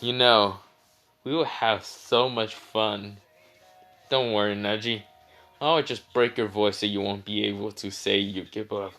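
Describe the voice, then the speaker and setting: A man voicing a menacing teenage boy ninja who gloats and taunts slowly over a beaten opponent. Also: fairly low pitch, steady tone, bright, forceful tone, faint music behind. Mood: taunting.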